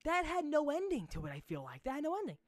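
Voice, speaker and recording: A man's voice: extremely high pitch, wildly swooping pitch, fast talker. A young man co-hosting a casual gaming podcast, rambling with lots of fillers and swearing. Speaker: podcast co-host.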